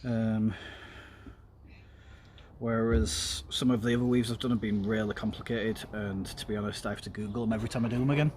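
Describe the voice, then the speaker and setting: Speaking fairly quickly in a lowish, slightly mellow voice with fairly even intonation, a streamer guides viewers through a paracord weave as he works. He meanders, says "um" often, and chats about games along the way. A little hiss or hum is present.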